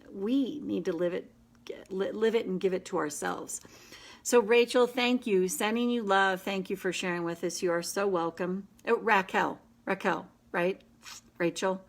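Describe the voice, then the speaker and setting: A woman hosting a casual live session, coaching a group in an earnest, gentle and encouraging way, with quick asides. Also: mid-range voice. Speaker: inner child tapping coach, host.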